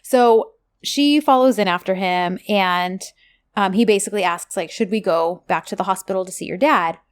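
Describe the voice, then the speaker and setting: A woman's voice: mid-range voice, moderate pace, smooth. A woman co-hosting a casual chat, animatedly retelling scenes and acting out the characters' lines. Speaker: podcast co-host recapping a TV drama.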